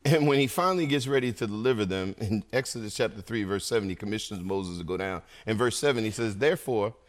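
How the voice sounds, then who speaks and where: A middle-aged man preaching a sermon to a congregation, animated and energetic, calling out to the crowd between points. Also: fairly low pitch, fast. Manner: animated preaching with call-and-response asides. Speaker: pastor.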